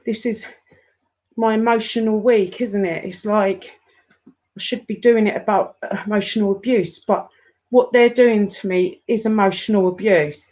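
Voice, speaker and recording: A woman in her forties, talking to her viewers in an upset, halting rant, often stopping and repeating herself. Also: medium pitch, fairly even intonation, a little mellow. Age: 40s. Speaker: YouTuber. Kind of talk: emotional live-stream rant.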